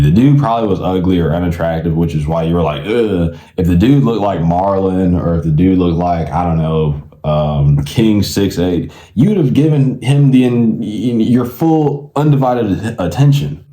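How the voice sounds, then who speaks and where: A man's voice: low voice, dark tone, echoey room. A man giving blunt, exasperated reaction commentary, swearing casually.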